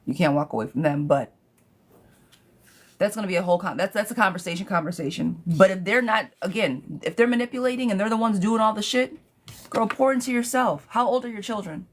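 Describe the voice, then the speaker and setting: With a brisk, medium-pitched voice, a woman reads tarot live and hands out animated, blunt, profane advice to her audience, peppering it with "girl."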